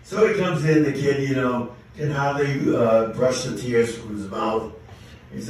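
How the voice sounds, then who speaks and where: 90s man, amateur comic, halting joke delivery, heard from afar in a very echoey room. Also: medium pitch, far from the mic, slight background noise. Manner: halting delivery with many fillers. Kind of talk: telling joke stories. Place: comedy event venue.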